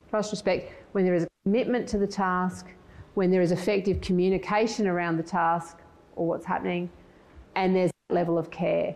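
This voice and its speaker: A middle-aged woman gives a conference talk in a low, even voice. She speaks in a measured, reflective way and restarts her phrases as she thinks aloud. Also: low-quality recording. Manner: measured, thoughtful, with frequent restarts. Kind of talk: conference presentation.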